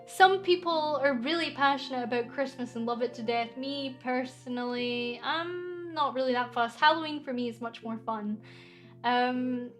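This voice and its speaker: Young Scottish female streamer, high voice, giggly and chatty, faint background music. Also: a bit bright. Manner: chatty and giggly, reading chat aloud. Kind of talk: casual chat answering viewer questions. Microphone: studio microphone.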